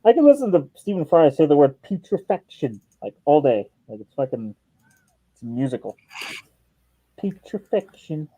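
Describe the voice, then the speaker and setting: A man's voice: on the high side, very animated, normal speed, no echo, narrow, tinny audio. A man hosting a stream in casual, joking chat, swearing and laughing often. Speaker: stream host.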